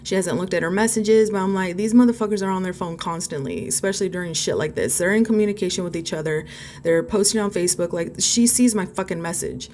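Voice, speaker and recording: A young woman vlogger telling a story straight to camera in a low-set voice. She rambles and swears constantly. When the anger builds she flares up loud and high. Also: quick pace, a little hiss or hum. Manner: swears heavily, rambling and heated. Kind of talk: casual storytime vlog.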